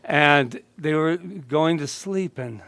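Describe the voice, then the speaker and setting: A man's voice: a little high, takes it slowly, vocal fry, a bit bright, no room sound. Chatty joking male minister. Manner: casual, joking, chatty with the congregation. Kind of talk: conversational sermon.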